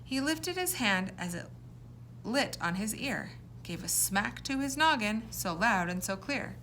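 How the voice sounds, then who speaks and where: A woman teacher reading a poem aloud to young children and explaining words in a clear, encouraging way. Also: medium pitch, lively intonation, measured pace, pushed and bright, a little hiss or hum.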